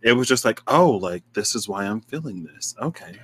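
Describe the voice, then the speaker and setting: A young man chatting casually, his voice bright and forward and recorded very dry and close. He is animated, laughs easily, and leaps up in pitch when he acts out what he thought. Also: moderate pace, breathy edge, dry recording. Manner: animated, laughs often, jumps into high-pitched quoted voices. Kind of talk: casual chat.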